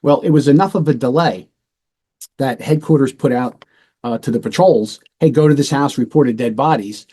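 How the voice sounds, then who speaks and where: A middle-aged man with a dark, mellow voice tells a true-crime case in a relaxed, matter-of-fact way. He speaks as a former police lieutenant hosting a talk show and briefly acts out the voices of the people in the story. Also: medium pitch, moderate pace, breathy edge. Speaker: retired police lieutenant, podcast host.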